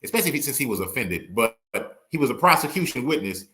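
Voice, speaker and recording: Here a male lawyer talks at a brisk, rapid clip with a bright, forceful edge to his voice. He acts out courtroom back-and-forth as he chats casually in an interview. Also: mid-range voice. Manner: animated, quick, acts out courtroom exchanges. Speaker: attorney guest, former prosecutor.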